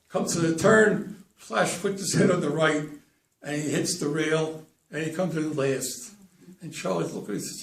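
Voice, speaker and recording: A man's voice: fairly high pitch, moderate pace, creaky, fairly bright tone. Older man telling stammering jokes. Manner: stammering, repeats words. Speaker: joke teller. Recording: echoey room, far from mic.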